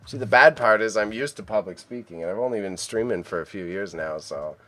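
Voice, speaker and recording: A man with a fairly low voice chats casually on a live stream as he edits photos. He is chatty and self-mocking, and he mutters to himself while he works. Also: animated, brisk, sharp tone.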